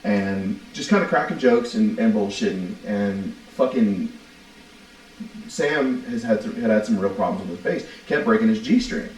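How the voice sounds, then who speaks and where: A man in his thirties on a podcast, telling loud, profane stories and quoting people as he goes. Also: on the low side, lively intonation. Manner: fast, profane storytelling with quoted voices. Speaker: podcast co-host. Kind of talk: casual chat. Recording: roomy, distant mic.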